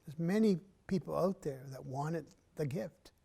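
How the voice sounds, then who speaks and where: A man performing a traditional story in an arts center, measured and unhurried, with long pauses and often dropping to a soft voice. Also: on the high side, vocal fry, slightly rough.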